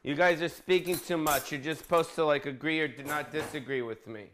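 A man's voice: fairly high pitch, steady tone, a little fast, a bit bright, soft background music. Crude, bossy man joking while cooking. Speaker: vlog host cooking. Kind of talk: casual comedic cooking vlog.

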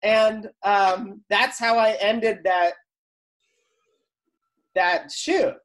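A man's voice: high-pitched, fairly even intonation, very slow, a bit bright. A man on a talk show couch spins a long, loose story. He talks casually and leans on filler words, doubling back and restarting as he goes. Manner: rambling, filler-heavy storytelling, lots of "like". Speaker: guest, actor and comedy writer.

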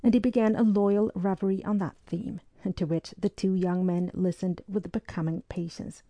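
A woman narrating a historical novel aloud, reading in a measured, even way and giving the dialogue soft voices. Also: medium pitch, no echo. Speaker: audiobook narrator.

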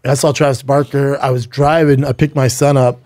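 A man's voice: medium pitch, level tone, normal speed, a little mellow. Blunt, profane man telling stories. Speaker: podcast co-host. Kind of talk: casual chat.

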